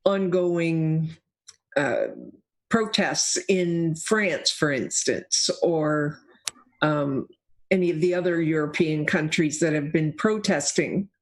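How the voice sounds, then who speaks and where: Slow, hesitant Canadian man. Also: a little high. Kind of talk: casual discussion.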